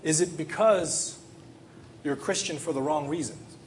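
A man preaching a sermon with passion, climbing into loud rhetorical questions and then dropping to a soft, quiet close. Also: fairly high pitch, normal speed, slight background noise. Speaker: pastor.

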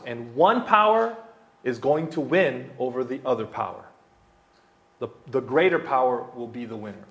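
A man in his thirties preaching a verse-by-verse sermon, talking emphatically, repeating key phrases and dropping in plenty of fillers. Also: medium pitch. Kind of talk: expository sermon. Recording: roomy hall echo.

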